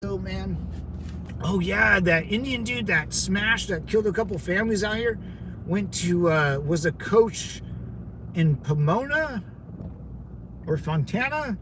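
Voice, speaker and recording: A man's voice: high voice, expressive, a little slow, pauses often, background noise. A man in his thirties, a Marine veteran hosting his own channel, chatting casually with lots of profanity and fillers as he drifts from topic to topic. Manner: loose, profane, digressive talk with frequent fillers. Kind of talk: rambling casual livestream chat.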